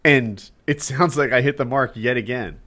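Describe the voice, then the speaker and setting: A man's voice: mid-range voice, moderate pace, sharp tone. A man co-hosting a podcast, telling bad jokes in casual banter and mocking himself. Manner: self-mocking joke teller. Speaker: podcast co-host.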